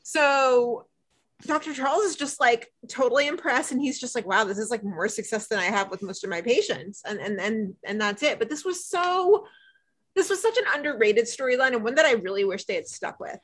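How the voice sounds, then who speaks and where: Bright-voiced woman gabbing about a show. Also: fairly high pitch, fairly quick. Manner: animated retelling with quoted dialogue, frequent "like". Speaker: podcast co-host. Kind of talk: casual chat recapping a TV episode.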